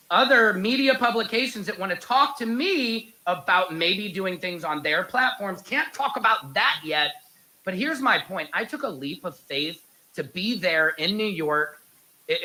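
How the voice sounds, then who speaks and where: A man's voice: sits high, sharp tone, rough recording. A man telling a story in a casual, jokey vlog and calling his viewers Patriots. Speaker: online commentator.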